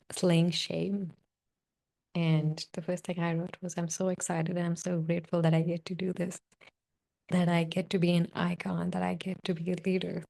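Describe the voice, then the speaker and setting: Young woman podcast host, heartfelt monologue, warm low-ish voice. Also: vocal fry. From South Asian diaspora. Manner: earnest, emotional, uses "like" often.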